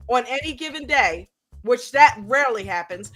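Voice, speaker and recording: A woman hosting a live stream in a chatty, upbeat way, pitching memberships and calling people up to join her. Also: expressive, normal speed, bright, forceful tone, soft background music. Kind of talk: casual live-stream chat.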